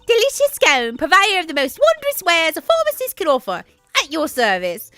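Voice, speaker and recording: Woman voicing a showy pharmacist lady, high bright voice, wildly swooping, grand and boastful. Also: huge pitch swings, normal speed, no echo, soft background music, heavily acted. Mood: grandiose. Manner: showy, self-promoting. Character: flamboyant grandiose female pharmacist.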